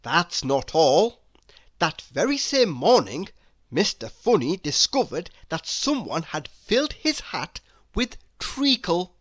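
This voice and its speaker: Woman narrating a kids' story, slow, very animated pitch swings. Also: dry recording. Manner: expressive, animated reading with slow pacing. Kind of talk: children's story read-aloud.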